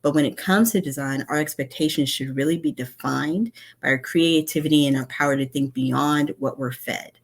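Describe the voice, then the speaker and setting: A woman with a strikingly deep, low voice gives a conference talk from her home. She speaks candidly and conversationally, weaving personal stories into advice for her listeners. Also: moderate pace, creaky, few pauses. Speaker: conference speaker, instructional designer.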